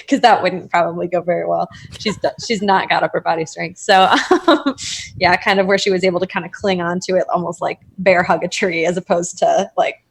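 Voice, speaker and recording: Young woman player on a video call, mid-pitched, giggly, laughs mid-sentence. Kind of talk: casual tabletop game chat.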